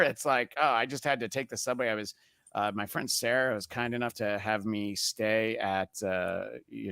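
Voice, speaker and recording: A gravelly man with a medium pitch and fairly bright tone rambles through a casual podcast chat as host. Recorded dry with studio quality, he's full of fillers and restarts.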